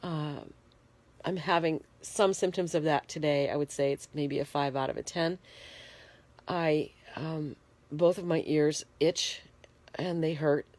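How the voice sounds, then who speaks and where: Congested and shivering, a woman talks to her handheld phone from bed for a casual video diary, laying things out plainly and slowly in detail. Her voice is low, steady, and darkish, and the recording carries no room sound.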